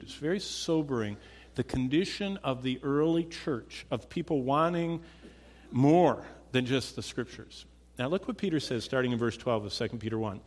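A man preaching a sermon, swinging between loud emphatic peaks and quiet low asides. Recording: long hall reverb.

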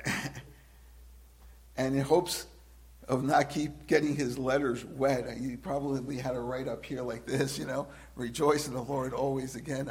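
A man preaching a sermon as a pastor, swinging from loud emphasis to hushed, drawn-out words and asking his listeners direct questions. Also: medium pitch. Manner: asks the congregation direct questions.

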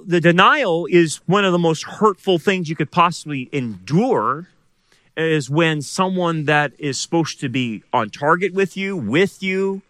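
A man's voice: fairly high pitch, a bit bright, no room sound, studio quality. A middle-aged man preaching a sermon as pastor, asking the congregation rhetorical questions.

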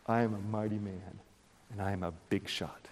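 A man acting out a sinister, boastful courtier with a low, hushed, gloating voice that hangs in a large hall's long reverb. He sounds scheming and self-satisfied, each line a quiet threat. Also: steady tone, normal speed, natural voice.

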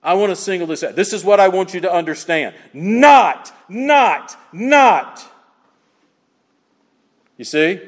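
A man's voice: high-pitched, quick pace, few pauses, in a large hall. A man preaching an expository sermon, pressing his points with emphatic repetition and rhetorical questions to the congregation. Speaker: pastor.

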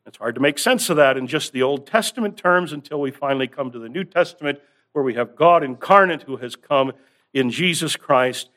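A man's voice: medium pitch, lively intonation, fairly bright tone. A man preaching a sermon, teaching earnestly and building emphasis on key phrases by stretching them out. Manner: earnest, builds emphasis with rising stress and drawn-out words.

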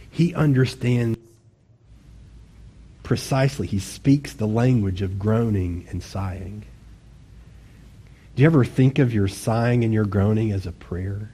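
Male pastor, husky tone, casual sermon delivery that swings between quiet reflection and punchy emphasis. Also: lowish voice. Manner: conversational, self-deprecating preaching with sudden bursts of intensity.

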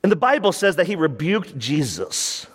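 A man preaching a sermon as pastor, animated and laughing as he acts out the people he quotes. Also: on the high side, normal speed, breathy edge. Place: church sanctuary. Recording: church hall reverb.

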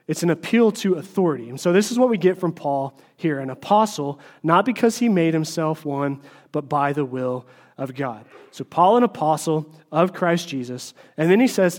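A man's voice: a little high, darkish tone. A man preaching a conversational sermon, informal and full of fillers and restarts, with emphatic, opinionated asides. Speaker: preacher teaching a Bible study.

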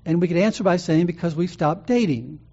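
A man's voice: sits high, brisk, mellow, breathy edge. A man preaching a sermon as pastor, teaching in a conversational way with frequent ums and restarts. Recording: muffled lo-fi sound.

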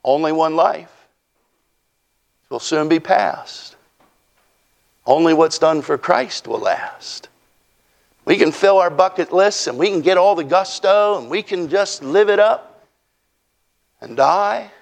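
A man's voice: a little high, animated, unhurried, vocal fry. A man preaching a sermon in a folksy way, acting out quotes from his text. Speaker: pastor.

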